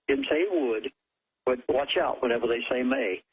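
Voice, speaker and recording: A male radio guest who speaks slowly and deliberately, giving emphatic warnings. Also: medium pitch, slightly rough, phone-quality sound.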